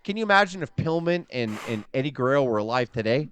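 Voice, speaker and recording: A man co-hosting a casual podcast chat, talking in an animated, profane way. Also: mid-range voice, fast, smooth. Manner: animated and profane, acts out quotes. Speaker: podcast co-host.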